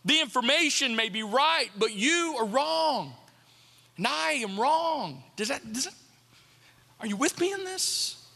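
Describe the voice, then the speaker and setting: Bright-voiced preacher man in a reverberant hall. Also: very high-pitched, big pitch swings, a little slow, gravelly. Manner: conversational preaching, repeats rhetorical questions. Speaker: pastor. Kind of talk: sermon.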